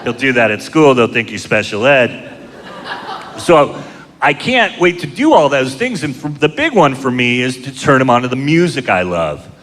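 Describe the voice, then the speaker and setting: A middle-aged man doing a stand-up comedy set, telling crude, self-mocking stories in a deadpan way, recorded live in a comedy club. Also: medium pitch, moderate pace. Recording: live club show, long hall reverb, audience noise. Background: audience laughter.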